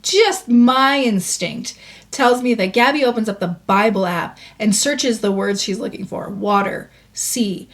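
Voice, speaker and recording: A woman's voice: a little high, a little slow. A woman hosting a reaction commentary, cutting in with dry, sarcastic asides. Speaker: commentary host.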